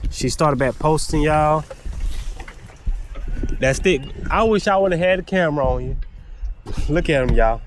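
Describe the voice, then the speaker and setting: A young man talks to his viewers in a loose, laid-back vlog voice, a little high for a man. He's out of doors and the recording carries a clear wash of background noise. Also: animated, unhurried, long pauses. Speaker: vlogger. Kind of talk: casual vlog chat. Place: outdoors.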